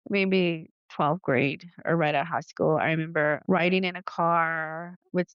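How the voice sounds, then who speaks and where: A woman podcast host tells stories from her own life in a loose, chatty monologue. Her voice sits fairly low, and the sound is dry and a little dull. She acts out quoted voices along the way. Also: fairly even intonation, a little slow, clean tone, no room sound. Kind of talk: casual storytelling monologue.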